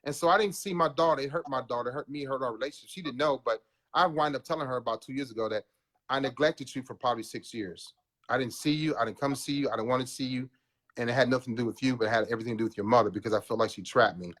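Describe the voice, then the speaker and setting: A man's voice: mid-range voice, rapid-fire, a bit bright. A man in his forties, a podcast guest, telling his story in an earnest, confessional way and calling the host bro. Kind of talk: candid personal interview.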